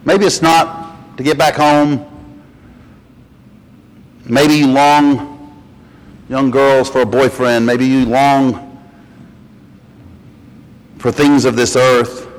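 Southern pastor preaching in a reverberant church. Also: male voice, medium pitch, extremely slow, pauses often. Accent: Southern US, western North Carolina. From North Carolina mountains. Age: middle-aged. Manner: folksy storytelling, animated when quoting. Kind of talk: sermon with personal story. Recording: long reverb of a church hall.

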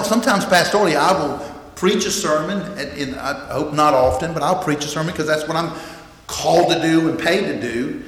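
Pastor: man, slightly high voice, earnest emphatic sermon, echoey sanctuary. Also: a bit bright. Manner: earnest, emphatic preaching with repeated phrases and restarts. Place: church sanctuary. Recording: echoey hall with long reverb.

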